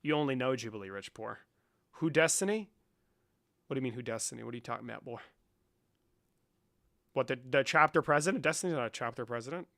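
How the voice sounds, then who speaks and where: A man's voice: mid-range voice, fast, gravelly, pauses often, a bit bright, no echo, clean studio sound. An American man hosting a live stream in casual chat, teasing and joking crudely with callers. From United States. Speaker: streamer and host.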